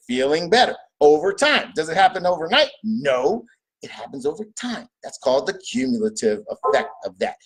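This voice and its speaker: A man's voice: a little high, breathy edge. A man giving a motivational talk in an emphatic, preachy way. He repeats his points and asks questions, then answers them himself. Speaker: motivational speaker.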